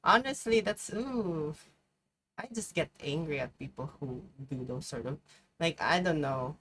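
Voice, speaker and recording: A woman streaming live, reacting to a video in casual, profane commentary with sudden loud outbursts and chanted repeats. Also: sits low, a little slow, a little hiss or hum.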